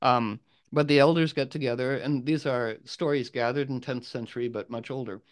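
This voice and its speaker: A man's voice: medium pitch, steady tone, normal speed. A man telling an old legend aloud in a casual, rambling way with asides. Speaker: storyteller. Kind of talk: oral storytelling.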